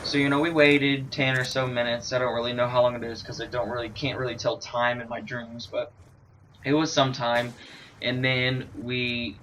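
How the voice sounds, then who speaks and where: A man in a middle pitch tells a rambling story as he plays. He stumbles through fillers and restarts and adds animated sound effects. Faint video game gunfire runs behind him. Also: moderate pace, slight background noise. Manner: hesitant, many fillers and restarts. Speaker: gaming commentator. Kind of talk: rambling storytelling over gameplay.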